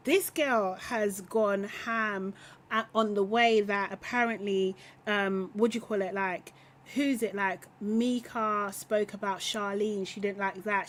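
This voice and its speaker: Woman, podcast host, casual opinionated chat, animated, somewhat high pitch. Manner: animated, opinionated, laughs often, trails off mid-thought. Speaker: podcast host reacting to a reality show. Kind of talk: casual live recap chat.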